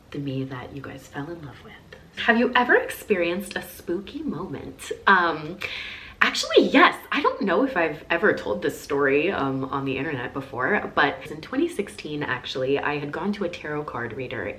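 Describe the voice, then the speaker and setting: A woman in her thirties answering viewer questions in a casual, confessional chat, often dropping to a soft near-whisper. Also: sits low, recorded from a distance, a little hiss or hum.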